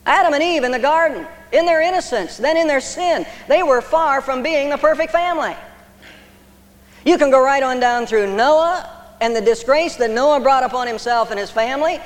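High-voiced man preaching in a hall. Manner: preaching with rising emphasis and long pauses. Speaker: pastor. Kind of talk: sermon.

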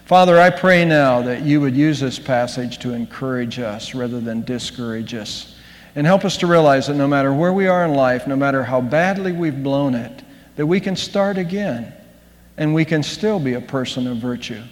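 A man, a pastor, praying from the pulpit and then telling a story to the congregation, halting at times with restarts and fillers. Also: medium pitch. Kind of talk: pulpit prayer and sermon. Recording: echoey church hall.

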